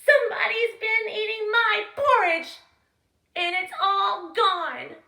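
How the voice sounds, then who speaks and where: A woman doing a squeaky little baby bear. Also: slow pace, gravelly, exaggerated voice. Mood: upset. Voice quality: high and squeaky. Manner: wailing, loud and shrill. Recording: roomy, from a distance.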